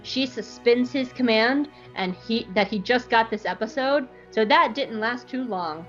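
Animated woman recapping an episode. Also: on the high side, unhurried, muffled recording, faint music behind. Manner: animated, joking, irreverent. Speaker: podcast host.

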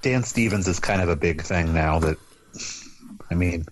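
Deep-voiced man with dry asides. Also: moderate pace, slight background noise. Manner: dry, brief interjections. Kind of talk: casual chat. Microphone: online call.

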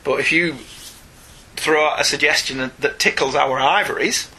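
A man's voice: a little high, steady tone, normal speed, pushed and bright, breathy edge. A man co-hosting a comics podcast, chatty and jokey, laughing often as he reads listener emails. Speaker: podcast co-host. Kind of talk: casual chat, reading listener emails.

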